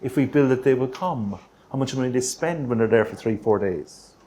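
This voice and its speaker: A man presenting a grant writing workshop, punchy and energetic, checking in with the room with quick rhetorical questions. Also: medium pitch, a little hiss or hum. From Australia.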